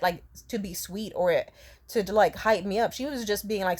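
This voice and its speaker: A woman's voice: medium pitch, fairly quick. A young adult woman telling a casual storytime vlog, rambling and profane, laughing often between sentences. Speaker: vlogger.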